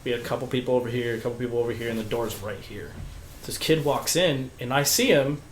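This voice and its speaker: A man's voice: medium pitch, fast talker, slight background noise. A young man, a podcast guest, telling a wild story casually, swearing freely and acting out the voices of the people in it. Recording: echoey room.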